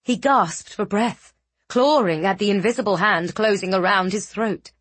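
A woman narrating a fantasy novel with measured, dramatic storytelling. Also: medium pitch, fairly bright tone, husky, dry recording. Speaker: audiobook narrator.

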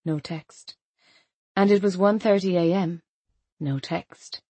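A woman narrating a novel in the first person with wry, measured delivery. Her voice is low-set and husky. The sound is dry and close to the mic. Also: mellow, no echo. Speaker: audiobook narrator.

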